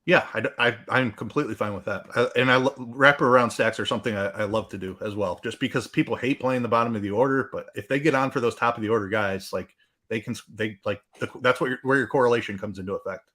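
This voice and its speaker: A man's voice: mid-range voice, quick pace, fairly bright tone. A man giving enthusiastic opinions as a guest analyst on a casual live stream. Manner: enthusiastic, talks in restarts and "like"s.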